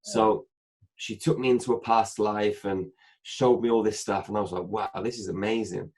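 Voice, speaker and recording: A man in a casual interview tells a long tale in a lowish voice at a moderate pace. He brings it to life by acting out the dialogue, peppering it with "I said" asides.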